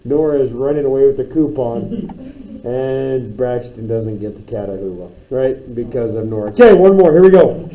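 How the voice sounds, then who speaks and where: A man's voice: mid-range voice, lively intonation, normal speed, highs cut off. A man teaching a math class, spinning playful, teasing story problems about his students.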